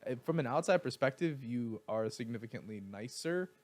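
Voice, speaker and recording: Earnest man in halting chat. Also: mid-range voice, animated, darkish tone, no room sound. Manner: earnest, halting, many fillers. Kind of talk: casual chat.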